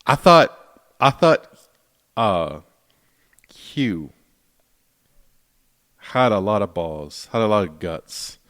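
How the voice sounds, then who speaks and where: A man's voice: on the low side, very animated, drawn-out words, long pauses, a bit bright. A man from Philadelphia co-hosting a podcast in casual chat, jokey and slangy. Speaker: podcast co-host.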